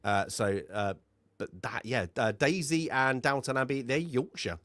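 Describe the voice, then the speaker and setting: A man co-hosting a film review show, chatting loosely and rambling through his points with plenty of fillers and restarts. His voice sits at a middling pitch. The sound is dry and close, with no room in it. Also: a little slow, a bit bright, no room sound. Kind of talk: casual chat.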